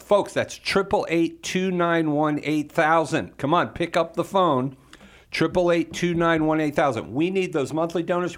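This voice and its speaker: A man on a talk radio show pleads with listeners for donations, his voice pressing and urgent. He keeps circling back to the call-in number, coaxing and challenging them to give more. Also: mid-range voice. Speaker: radio apologist host. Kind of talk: radio fundraising appeal.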